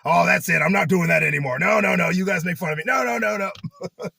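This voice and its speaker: A man playing his serious older male boss, who turns jovial with staff and answers with loud, high-pitched exclamations. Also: fairly quick, creaky, slightly rough, no echo, distant mic, exaggerated voice. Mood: mock-offended.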